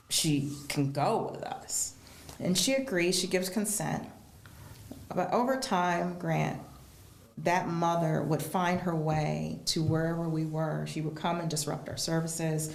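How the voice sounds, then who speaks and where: A woman with a low, gravelly voice tells a long personal story in conversation, bringing the people she quotes to life. She sounds like she is in a roomy, echoing space. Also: slight background noise. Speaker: guest. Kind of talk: storytelling in a casual interview.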